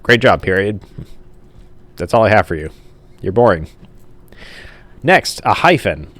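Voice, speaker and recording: This man's lowish voice swings widely in pitch and has a fairly bright tone, and he never hurries. As a teacher in a recorded grammar lesson, he writes on a page while talking casually, using "like" and checking with the class through "okay?" on a camera mic.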